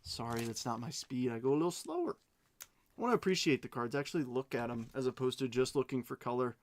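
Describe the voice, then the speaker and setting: A man hosting a live card-opening stream in a relaxed, unhurried way. He chats casually, reads out names one after another, and drops playful, self-mocking jokes between cards. His voice sits in an ordinary middle pitch for a man. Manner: chatty and unhurried, reading out names as he goes. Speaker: card break host.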